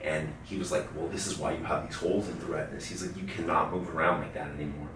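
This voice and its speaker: Male interview guest with a low voice, loose rambling storyteller who swears casually; roomy echo, faint background noise. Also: steady tone, fast talker, far from the mic.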